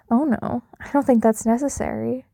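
A young adult woman performing an intimate audio role-play in a teasing, dominant, soft-spoken way with whispered asides. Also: fairly high pitch, steady tone, measured pace, gravelly, no room sound, studio quality.

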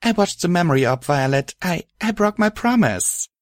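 A man reading aloud and voicing a guilt-ridden young pony hero who stammers and confesses haltingly. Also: high voice, expressive, no room sound, clean studio sound, voice pushed up. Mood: guilty.

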